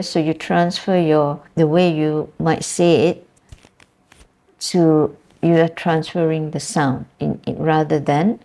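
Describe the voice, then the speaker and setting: A woman's voice: fairly low pitch, vocal fry, dark tone. A middle-aged woman from Malaysia with a Malaysian English accent, a university lecturer giving a pronunciation lesson and spelling words out letter by letter.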